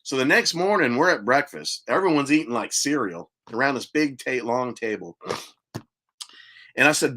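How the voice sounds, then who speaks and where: Older man, podcast host, rambling storyteller, chatty, laughs at himself, bright voice, mid pitch. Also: lively intonation, moderate pace. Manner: chatty, laughs at his own stories.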